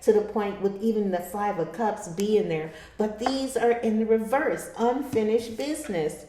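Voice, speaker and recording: A tarot reader chats with her viewers, calling them her darlings and laughing often as she reads. Her mid-range voice has a dark tone and a moderate pace, with a faint hiss or hum in the echoey room.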